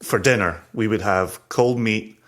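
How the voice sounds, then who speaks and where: A middle-aged man with a Scottish accent and a fairly low voice talks in a loose, chatty way as a podcast co-host. He is self-deprecating and laughs easily. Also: measured pace, a bit bright. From Scotland. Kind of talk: casual chat.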